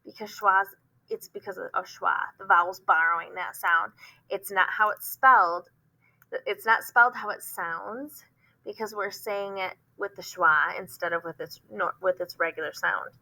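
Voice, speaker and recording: Bright-voiced woman teacher explaining phonics. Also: mid-range voice, low-quality recording. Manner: explanatory, frequent "um" fillers, slow demonstrations of words.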